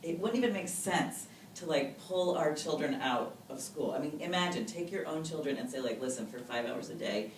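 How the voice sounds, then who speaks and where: A woman in her thirties being interviewed about her research, talking casually and quickly, full of fillers and acted-out quotes. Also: low voice, animated. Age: 30s. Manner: chatty, fast, full of fillers and quoted dialogue. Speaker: researcher guest. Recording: roomy audio, mic a bit distant, faint noise.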